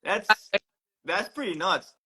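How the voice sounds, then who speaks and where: A man's voice: high voice, lively intonation, takes it slowly, sharp tone, poor audio. A man from Hawaii hosting a podcast, chatting in an easygoing way with slang like "dude" and frequent restarts. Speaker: podcast host. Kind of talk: casual chat.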